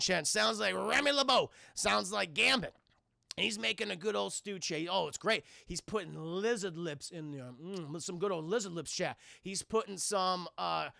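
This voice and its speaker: A man's voice: sits high, gravelly, no echo, clean studio sound. A young man streaming a crude, joking cartoon recap, talking to his chat. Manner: animated, crude and joking, keeps addressing chat. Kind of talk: casual live-stream recap.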